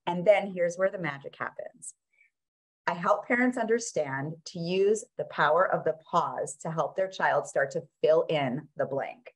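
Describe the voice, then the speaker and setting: A woman's voice: lowish voice, a little slow. A woman presenting her children's book, reading it aloud in a playful, sing-song way.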